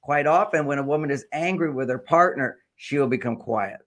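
A man's voice: medium pitch, brisk, a bit bright. An older man, a guest author, explaining relationship ideas with generalizations and stories in a talk show interview.

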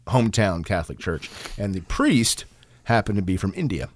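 A man co-hosting a casual podcast, an animated storyteller who laughs often and swears freely. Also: on the low side, moderate pace, no echo. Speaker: podcast co-host. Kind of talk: casual banter.

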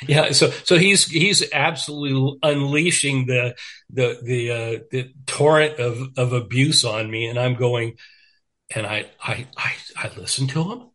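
A middle-aged man telling a lively anecdote in a casual interview, laughing often and acting out what people said. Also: mid-range voice, unhurried. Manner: animated storyteller, acts out quotes, laughs often. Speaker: guest. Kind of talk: storytelling interview chat.

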